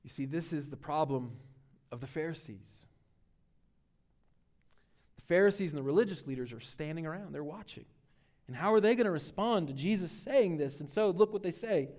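Male pastor, high-pitched, earnest sermon delivery that swings from emphatic to hushed. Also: lively intonation, normal speed, long pauses. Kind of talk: sermon on a Bible passage.

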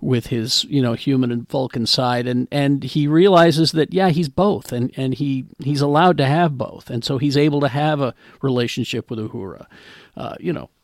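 A man co-hosting a podcast, recapping an episode in an animated way with frequent restarts. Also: mid-range voice, normal speed, dry recording, clean studio sound. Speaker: podcast co-host. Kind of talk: casual episode recap chat.

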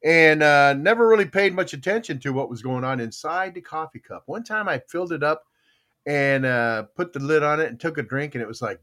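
Lively intonation and a sharp tone mark this podcast host's fairly high, fairly quick voice. He's an older man chatting with a live chatroom on a casual show, rambling through long stories with plenty of fillers and restarts, often chuckling as he goes.

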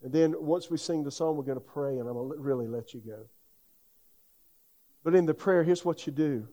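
A man's voice: fairly high pitch, moderate pace, mellow. A middle-aged man preaching a sermon in a folksy, conversational way, full of asides. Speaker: pastor.

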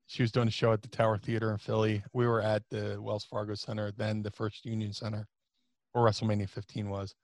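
A man telling a casual, animated story as a podcast guest, jumping into a high falsetto when he quotes himself. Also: brisk, dry recording. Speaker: podcast guest, former wrestler.

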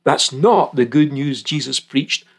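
A man giving a recorded Bible teaching talk in an earnest, measured way, stressing key words and reading scripture passages aloud. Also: mid-range voice.

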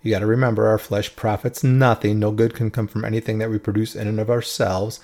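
A man with a fairly low voice teaches through Bible passages step by step. He keeps it conversational and informal, often tagging his points with a quick "right?" to keep listeners following. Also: flat delivery, warm tone.

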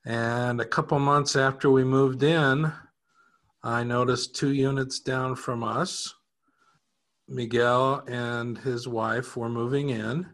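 Bright-voiced man telling a story. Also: mid-range voice, fairly even intonation, takes it slowly. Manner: self-deprecating, chuckling, with frequent restarts. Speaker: co-host. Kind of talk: casual anecdotal storytelling.

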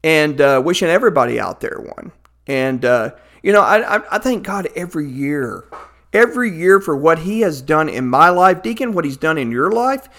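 A man voicing a teasing, chuckling older male church deacon who rambles through stories in a lowered voice. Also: animated, moderate pace, fairly bright tone.

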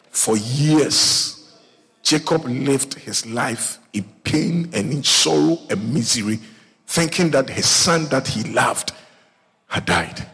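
A male pastor preaching a sermon, telling a Bible story with lively acted-out voices and calling out to his congregation. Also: mid-range voice, slow pace, husky. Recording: echoey hall reverb.

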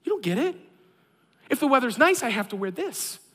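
A man's voice: very high voice, very animated, fairly quick, a bit bright, voice pushed up, full character voice. Insistent frustrated wife, man doing the voice, echoey hall. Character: exasperated wife insisting on packing.

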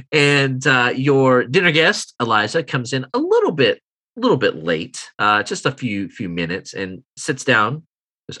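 Guy gm narrating a tabletop game, bright voice, jumps around in pitch. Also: breathy edge. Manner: animated, chuckling, halting descriptions. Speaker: game master.

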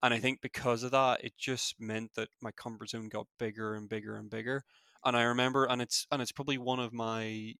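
Gravelly young man with a Belfast accent. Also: mid-range voice, flat delivery, sharp tone, dry recording, clean studio sound. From Northern Ireland. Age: young adult. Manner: fast-talking, many fillers and restarts. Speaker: former student guest. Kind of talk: casual interview chat.

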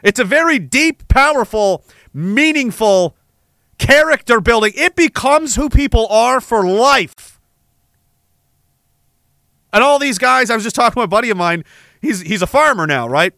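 High, bright-voiced man ranting angrily. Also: expressive, measured pace, pauses often, dry recording, clean studio sound. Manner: angry, sarcastic, profane. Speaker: podcast host. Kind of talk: ranting monologue.

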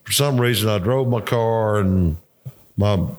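A man's voice: fairly low pitch, a little slow, a little mellow. An older man telling profane, laughing coaching stories in casual conversation. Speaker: retired football coach, guest. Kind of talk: casual storytelling.

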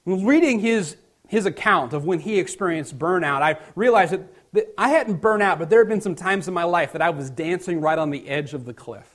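Middle-aged male pastor, slightly high voice, relaxed storytelling sermon with quiet emphatic drops. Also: brisk.

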